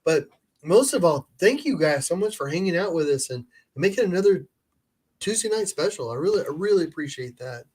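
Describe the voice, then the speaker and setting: Chatty man, higher voice, painting live. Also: lively intonation, a little fast, a little mellow, husky. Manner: chatty, laughs often, many restarts. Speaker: painter and livestream co-host. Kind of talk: casual livestream chat.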